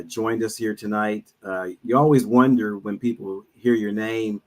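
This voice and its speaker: A man's voice: on the low side, poor audio. Earnest middle-aged man telling his story. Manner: earnest, measured, many "uh" pauses. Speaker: guest speaker, minister and financial advisor. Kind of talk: personal storytelling talk.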